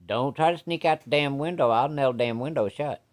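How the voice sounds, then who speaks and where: A man puts on a hot-tempered father who roars threats and curses. His voice jumps up high and loud, loose and gruff. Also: moderate pace, natural voice. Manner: cussing, loud, blustering threats. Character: hot-tempered blustering working-class father.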